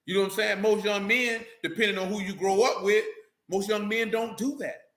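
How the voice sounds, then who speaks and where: A man's voice: high voice, steady tone, fairly quick, fairly bright tone. A man leading a casual religious talk to a group, slangy and joking, with frequent asides. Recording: echoey room.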